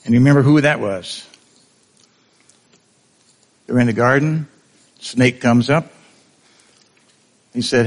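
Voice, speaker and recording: A man's voice: mid-range voice, takes it slowly, long pauses. A male preacher giving a conversational sermon, often asking the congregation questions.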